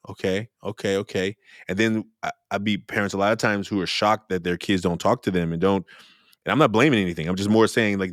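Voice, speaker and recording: A man's voice: deep voice, no room sound, clean studio sound. A man hosting a podcast, telling a story earnestly and repeating phrases for emphasis. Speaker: podcast host. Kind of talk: conversational storytelling.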